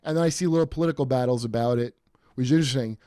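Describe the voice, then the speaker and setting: A man hosting a podcast in casual chat, rambling and animated with many fillers and restarts. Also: medium pitch, very fast, clean tone, dry recording, clean studio sound. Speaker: podcast host.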